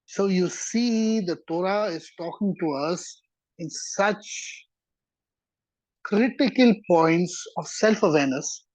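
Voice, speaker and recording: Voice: mid-range voice, slow pace, darkish tone, dry recording, low-quality recording. A Torah teacher giving a sermon-like lesson in a conversational way, often repeating words for emphasis and checking in with the listeners.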